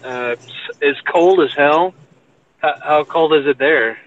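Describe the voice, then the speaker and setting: A man's voice: fairly high pitch, measured pace, lo-fi sound, a little hiss or hum. A man from Texas with a Texan accent, chatting casually from a parked car, rambling with lots of fillers. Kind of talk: casual chat.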